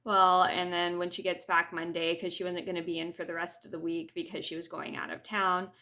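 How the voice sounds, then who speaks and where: A woman's voice: fairly low pitch, flat delivery, a little fast, pushed and bright. A woman vlogger telling a personal story casually to her camera, rambling with restarts and fillers. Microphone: camera mic.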